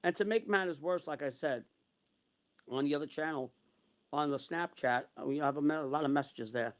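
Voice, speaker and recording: A man's voice: fairly high pitch, brisk. Angry ranting man, raised voice. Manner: heated, repetitive, swearing; long retellings of arguments in quotes. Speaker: vlogger.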